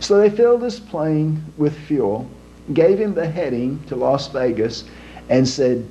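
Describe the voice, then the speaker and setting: A man telling jokes in a folksy, unhurried storytelling manner. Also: on the high side, animated, mellow. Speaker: joke teller. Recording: dull lo-fi home recording with faint hum.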